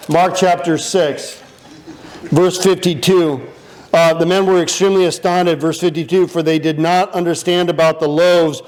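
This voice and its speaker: The male pastor's fairly high-pitched voice carries a lively, playful sermon, and he brings the disciples to life with funny voices in an animated delivery.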